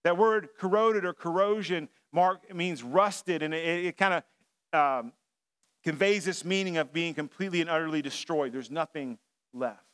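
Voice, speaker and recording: Male pastor, high, smooth voice, conversational preaching with fillers and restarts. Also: normal speed, a bit bright. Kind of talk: sermon. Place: church sanctuary.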